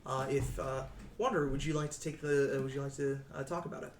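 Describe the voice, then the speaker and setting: A man's voice: mid-range voice, steady tone, a little hiss or hum, lightly acted. A man voicing a hesitant young male hero speaking for his team, sincere and full of fillers, in a tabletop role-play. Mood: earnest. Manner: halting, many fillers, sincere. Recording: echoey room, mic at a distance.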